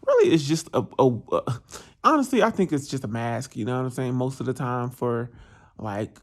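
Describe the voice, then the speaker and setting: Animated man telling a funny travel story. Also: mid-range voice, normal speed. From New Jersey, USA. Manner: animated, self-mocking, laughs often, voices other people. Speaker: travel vlogger. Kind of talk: casual storytelling to camera.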